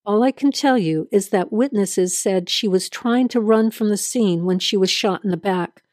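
A woman doing a calm, matter-of-fact police officer. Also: mid-range voice, normal speed, dry recording, studio quality, lightly acted. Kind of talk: audio drama reading.

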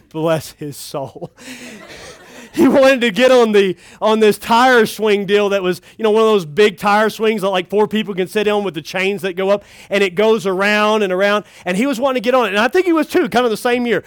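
A man's voice: high-pitched, normal speed, clear, resonant tone, no room sound. A middle-aged man, a pastor, telling funny family stories in a folksy camp sermon. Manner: folksy and humorous, acting out a child's cries.

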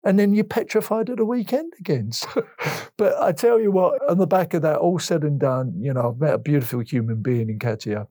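This Englishman in his fifties has a fairly high, brisk voice, recorded with no echo. Appearing as an interview guest, he opens up emotionally about his story and brings it to life by voicing the conversations he once had.

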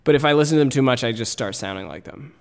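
A Canadian man, a comedian guest on a podcast, chatting casually in a laid-back, rambling way that often trails off quietly. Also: medium pitch, racing, creaky.

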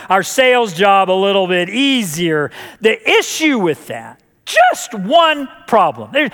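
Man, pastor, sermon, high voice, jokey, stumbles and restarts, long hall reverb. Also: a bit bright, smooth. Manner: jokey, with repeated words and restarts.

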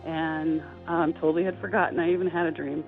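A middle-aged woman, an interview guest, telling a personal story in a halting, heartfelt way with many fillers and restarts. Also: deep voice, steady tone. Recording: tinny phone-line sound with faint music.

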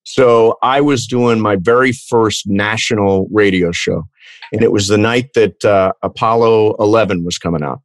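A man with a fairly low voice hosts a relaxed, chatty interview and reacts with easy warmth to what his guest says. The sound is close and dry, with no room around it. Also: moderate pace, no echo. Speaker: radio host. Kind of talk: casual interview chat.

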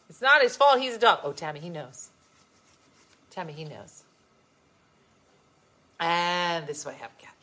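Bright, animated woman vlogger. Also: on the low side, measured pace, long pauses. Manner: emphatic, animated storytelling. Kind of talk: casual chat to viewers, reading comments.

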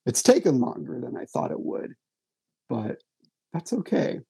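Guest writer-actor, man; husky, dry-sounding voice, self-deprecating storyteller. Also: mid-range voice, wildly swooping pitch, unhurried, dark tone, no echo. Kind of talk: casual conversation, storytelling.

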